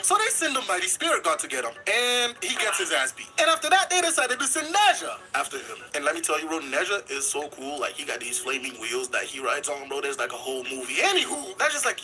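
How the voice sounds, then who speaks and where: Bright, animated comedic storyteller. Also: medium pitch, a little fast, few pauses, soft background music, low-quality recording. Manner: animated, slang-heavy, casual. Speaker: channel narrator. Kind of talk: comedic slangy myth retelling.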